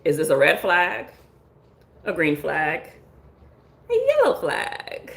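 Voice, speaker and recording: A woman therapist hosting a live stream with features, reading chat comments in a playful, lively way, laughing often and acting out the people she quotes. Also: low voice, takes it slowly, gravelly, reverberant.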